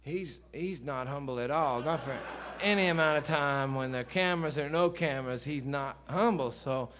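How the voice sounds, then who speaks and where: A man's voice: a little high, normal speed, a bit bright, a little hiss or hum. Chatty man telling a story on stage. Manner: loose, chatty, with swearing and laughs. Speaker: singer-songwriter on stage. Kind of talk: rambling storytelling between songs. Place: live concert venue.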